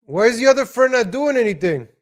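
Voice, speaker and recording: A man's voice: extremely high pitch, very animated, fast talker. A man hosting a live stream, commenting on viral videos in a blunt, profane, ranting way. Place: lives in Texas.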